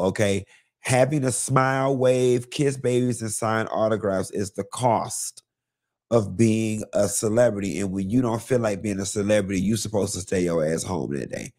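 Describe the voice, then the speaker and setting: Male gossip host, sassy and blunt, low-pitched, swears freely. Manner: sassy, blunt, profane, animated storytelling. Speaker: host of a live gossip show. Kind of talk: casual celebrity gossip commentary.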